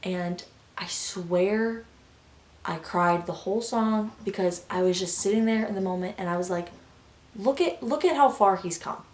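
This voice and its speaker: A young woman telling a story in a casual vlog, gushing and excitable, full of "like". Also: mid-range voice, a little slow. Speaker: vlogger. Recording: echoey room.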